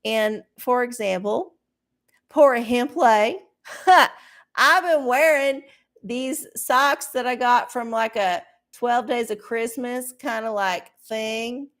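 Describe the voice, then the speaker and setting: A woman's voice: a little high, takes it slowly, fairly bright tone. A woman hosting a casual livestream, rambling bluntly with plenty of swearing and self-mockery. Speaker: livestream host doing oracle readings.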